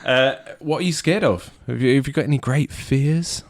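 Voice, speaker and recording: A man's voice: medium pitch, moderate pace, dry recording. A man hosting a comedy podcast, bantering and giggling with his co-hosts. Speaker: podcast host. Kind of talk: casual comedic chat.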